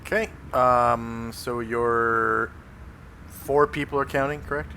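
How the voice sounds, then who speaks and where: A man's voice: medium pitch, steady tone, takes it slowly, pushed and bright, slight background noise. Man running a tabletop game, hesitant. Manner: hesitant, with frequent fillers. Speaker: game master.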